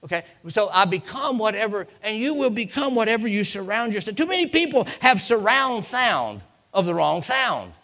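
A man preaching a dramatic sermon in a high voice. His pitch leaps and falls all the time, and the tone is bright and gravelly. He repeats phrases and swings between loud peaks and hushed lows. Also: big pitch swings, moderate pace, hardly any pauses.

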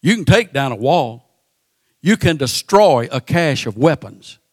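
A man preaching a sermon, often repeating words and pausing on "uh" between phrases. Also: fairly high pitch, sing-song, no room sound, clean studio sound.

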